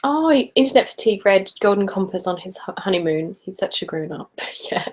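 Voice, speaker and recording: A chatty woman, hosting a relaxed live chat for her viewers. She reads out their comments one by one and answers each, breaking into giggles as she goes. Her voice sits at an ordinary middle pitch. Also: brisk. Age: late 20s. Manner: chatty and giggly, often laughing mid-sentence. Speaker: ASMR channel host.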